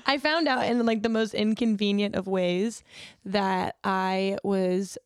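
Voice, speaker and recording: A woman's voice: mid-range voice, steady tone, slow pace, smooth, no echo, clean studio sound. A woman in her twenties co-hosting a podcast, telling candid stories and laughing often. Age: 20s. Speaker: podcast co-host. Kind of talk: casual chat.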